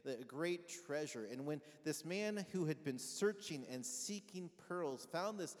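A man's voice: on the high side, animated, a little slow. A pastor giving a conversational sermon, asking his congregation questions and having them call back answers. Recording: long reverb of a large hall.

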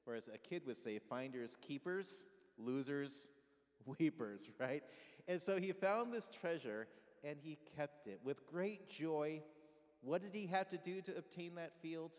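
Speaking a little slowly and with animation, this pastor has a slightly high voice. He questions his congregation and they shout responses during the conversational sermon, captured with a large hall's long reverb.

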